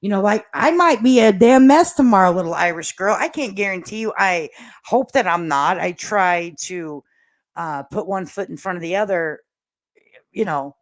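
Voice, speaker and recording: A chatty woman hosts a casual livestream and talks straight to her viewers. She laughs often and swears in an easy, offhand way. Her voice sits at an ordinary, middle pitch. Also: expressive, moderate pace. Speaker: livestream host reading viewer comments.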